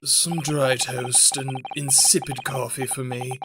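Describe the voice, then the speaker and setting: A streamer reading a glum, listless grown man detective aloud from a game, dragging the words out in a low, flat drone. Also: slow pace, very noisy. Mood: dreary, gloomy. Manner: sluggish, dreary, theatrical. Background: game music.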